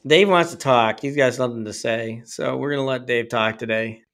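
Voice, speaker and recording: A man's voice: mid-range voice, fairly bright tone. Talkative, joking male podcast host. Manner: talkative, joking, quick to laugh. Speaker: podcast host, company CEO. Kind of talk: casual podcast chat.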